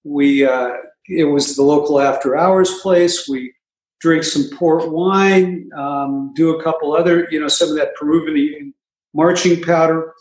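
A man's voice: on the high side, steady tone, unhurried, a little hiss or hum. A man casually telling his recovery story, with wry, self-mocking humor and frequent asides. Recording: echoey room.

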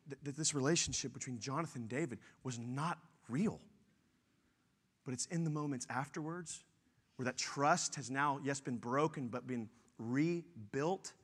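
Bright, forceful preaching man. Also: mid-range voice, husky. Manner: storytelling, emphatic, says y'all. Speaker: pastor. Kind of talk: sermon.

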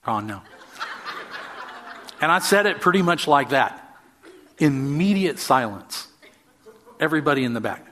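A man in his sixties, a pastor, preaching a sermon and telling personal stories with quick bursts and drawn-out emphasis. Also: on the high side, very animated, noisy background.

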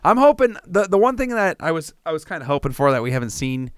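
A man's voice: fairly high pitch, sing-song, fast talker, clean tone, no echo, clean studio sound. A man in casual conversation, laughing often and teasing his friend. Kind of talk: casual chat.

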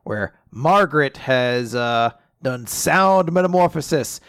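A man co-hosting a casual chat, recapping a comic chapter and acting out the characters in quick voices. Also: medium pitch, clean tone, no echo, clean studio sound. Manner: animated retelling, acts out characters in quick voices. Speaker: podcast co-host.

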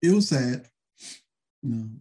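A man's voice: mid-range voice, animated, a little slow, dark tone. A man, a former wrestler, telling stories casually in an interview, rambling with many fillers.

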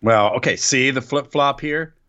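A man's voice: mid-range voice, moderate pace, pushed and bright, clear, resonant tone. A man co-hosting a podcast, giving wry, opinionated takes in casual chat about wrestling. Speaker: podcast co-host. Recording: dull lo-fi audio.

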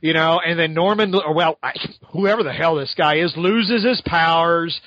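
A man's voice: a little high, normal speed, a bit bright, no room sound, lo-fi sound. A man hosting a podcast, reviewing a comic book in a rambling, sarcastic way and laughing often. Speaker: podcast host.

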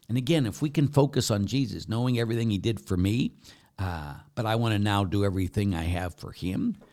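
A man, a Catholic priest and pastor, answering questions in an earnest, candid, conversational preaching style, sometimes dropping almost to a whisper for emphasis. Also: mid-range voice.

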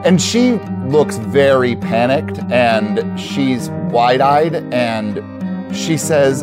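Man running a tabletop game, calm firm narration, lively pitch, guitar music behind. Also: extremely slow. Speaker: game master.

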